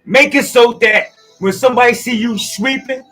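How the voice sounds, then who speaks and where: High, bright-voiced preachy man. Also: normal speed, breathy edge, faint music behind. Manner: preachy, rambling, swings from loud outbursts to low asides. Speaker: speaker giving a motivational talk. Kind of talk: fired-up motivational monologue.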